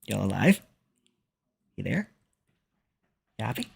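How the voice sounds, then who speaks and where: A man's voice: mid-range voice, big pitch swings, unhurried, gravelly, long pauses, husky. A man with a Scottish accent, a VTuber streamer rambling casually to his chat, swearing and laughing often. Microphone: streaming microphone.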